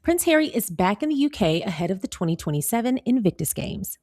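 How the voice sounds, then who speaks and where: A woman's voice: medium pitch, mellow, dry recording. An American woman vlogger chatting casually with her viewers and reading an article aloud, laughing often. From United States.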